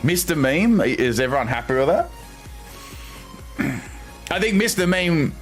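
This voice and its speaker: Animated Australian man streaming. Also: fairly high pitch, unhurried, faint music behind. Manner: amused, reads viewer suggestions aloud with incredulous reactions. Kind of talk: live stream commentary reading chat.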